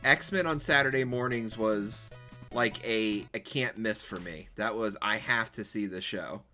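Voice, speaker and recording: A man's voice: lowish voice, measured pace, bright, forceful tone, faint music behind. A male streamer chatting casually and rambling while he plays a golf game. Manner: rambling, chatty, self-correcting. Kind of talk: casual chat while gaming.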